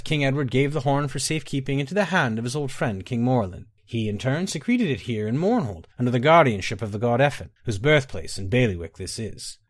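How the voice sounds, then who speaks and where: A man playing a charming, cunning rogue in an audiobook reading, smooth and confident. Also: mid-range voice, no room sound, natural voice. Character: charming, cunning male thief and schemer.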